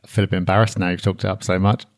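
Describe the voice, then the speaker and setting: A man's voice: low-pitched, level tone, racing. Chatty male podcast co-host. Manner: enthusiastic, chatty with fillers. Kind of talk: casual chat.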